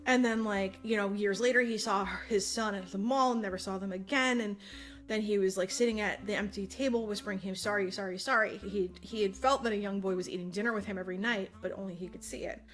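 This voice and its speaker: Chatting casually on a podcast, this co-host gives an animated retelling of a story, using frequent fillers and performing the quotes. She talks quickly in a mid-range voice.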